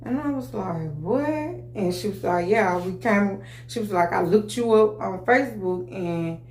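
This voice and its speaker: Animated woman telling a story, echoey room. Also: mid-range voice, unhurried, a little hiss or hum. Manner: animated, full of restarts and "you know what I'm saying". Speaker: vlogger telling her story. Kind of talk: casual storytelling to camera.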